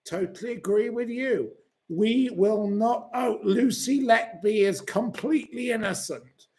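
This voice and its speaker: A man's voice: high-pitched, measured pace, darkish tone, slight background noise. A man hosting a livestream, reading viewer comments aloud and ranting and swearing at commenters. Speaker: channel host.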